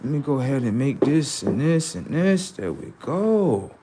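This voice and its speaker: Animated storytelling man on a livestream. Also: mid-range voice, a little slow, background noise. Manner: animated, swearing, acts out voices. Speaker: livestream host. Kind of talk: casual storytelling to viewers.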